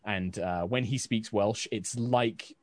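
A man's voice: fairly low pitch, slow, dry recording. A British man running a tabletop game as game master. He rambles easily with fillers and laughs. The recording is dry and close. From Britain.

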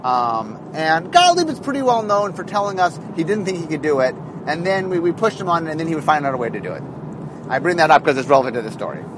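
A head designer talks through a rambling, casual monologue full of fillers and restarts. His voice is high and very animated. Clear car road noise runs beneath him. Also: quick pace.

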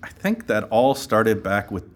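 Lively low-voiced man chatting. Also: unhurried. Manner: animated, jokey, with sudden high yelps in quotes. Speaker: game publisher guest. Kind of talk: casual podcast chat.

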